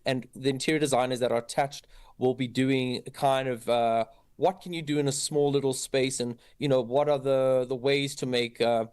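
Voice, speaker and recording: A man guesting on a radio show as a creative director, talking with many pauses and fillers. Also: mid-range voice, darkish tone, smooth, dry recording. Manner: hesitant, full of fillers. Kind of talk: radio interview.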